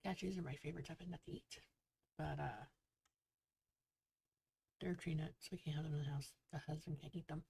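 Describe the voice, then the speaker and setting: A woman's voice: deep voice, fairly even intonation, a little fast, gravelly, long pauses, dark tone, slightly rough. A woman hosting a casual author livestream, chatty and telling jokes to viewers. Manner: chatty, joke-telling, reads viewer comments aloud.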